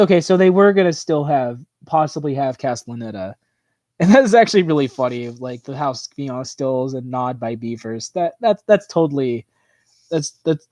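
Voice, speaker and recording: A man's voice: mid-range voice, a little mellow, no room sound. Rambling casual male streamer, tired voice. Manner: rambling, full of "like" and "you know", quick laughs. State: voice tiring and hoarse. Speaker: livestream host. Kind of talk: casual chat reacting to viewer comments.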